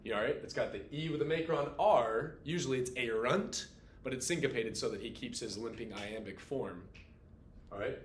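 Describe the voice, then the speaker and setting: A man teaching a Latin class, talking to his students in a casual, animated way. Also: mid-range voice, moderate pace, roomy sound, a little hiss or hum. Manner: casual and animated, talks to students as "dude" and "y'all". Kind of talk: classroom lecture.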